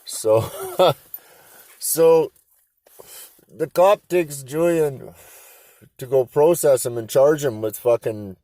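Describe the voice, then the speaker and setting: A man's voice: mid-range voice, takes it slowly, long pauses, dark tone, no room sound. A man from Canada telling a rambling, profane story in casual talk. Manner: rambling, profane, laid-back. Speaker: interviewee.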